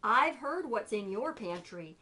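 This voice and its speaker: A woman's voice: on the high side, big pitch swings, a little slow, pushed and bright, heavily acted, rough recording. Woman doing a wary little protesting fly. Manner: firm, protesting. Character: small wary fly refusing the spider.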